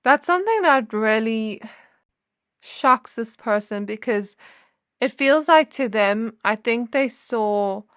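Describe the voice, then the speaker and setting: Soft-spoken woman giving a tarot reading. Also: a little high, lively intonation, slow pace, clear, resonant tone, dry recording, studio quality. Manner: gentle, intuitive, with soft laughs and self-corrections. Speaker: tarot reader.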